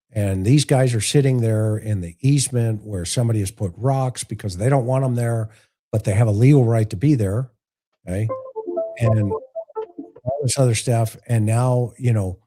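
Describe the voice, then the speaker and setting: Pria bersuara gelap, santai berdebat. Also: male voice, mid-range voice, normal speed, warm tone. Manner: acts out quoted dialogue while explaining. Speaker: former police officer, show guest. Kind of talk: casual debate on a talk stream.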